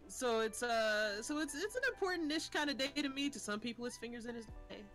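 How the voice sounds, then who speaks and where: A man's voice: very high-pitched, lively intonation, a little fast, pushed and bright, soft background music. A young man in his twenties, an artist on a live stream, rambling casually with hesitant fillers.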